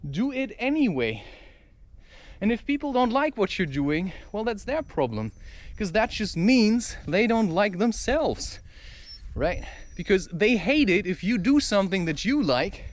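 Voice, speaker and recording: A man vlogging outdoors into the camera, talking in an intense, energetic rant. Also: sits high, normal speed. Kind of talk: walking vlog talk to camera. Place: outdoors in a park. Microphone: camera mic.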